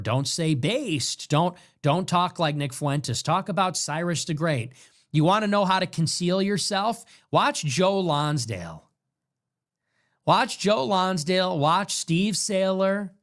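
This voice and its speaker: A man with a slightly high voice takes his time as he hosts a political livestream. His monologue commentary is emphatic, repetitive, and commanding.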